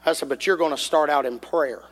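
A man preaching a sermon, telling a folksy story in an animated way that rises into shouts. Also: fairly high pitch, fairly quick. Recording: echoey hall reverb.

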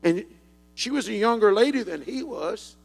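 An older Southern preacher with a high, gravelly voice that turns husky at the edges. He tells his sermon as a folksy story and works up to fervent shouts. The sound rings with a long hall echo. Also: expressive, moderate pace.

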